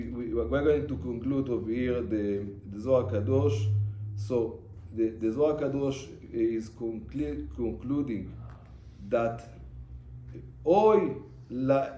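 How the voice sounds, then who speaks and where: A man's voice: fairly high pitch, warm tone. A man who is a rabbi, giving an emphatic, repetitive sermon in English and mixing in terms. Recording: echoey room.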